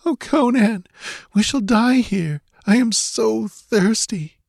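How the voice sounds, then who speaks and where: A man reading aloud voices a frightened, pleading young woman, raising his voice high. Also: slow pace, gravelly, darkish tone, dry recording, studio quality, exaggerated voice. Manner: high plaintive wailing.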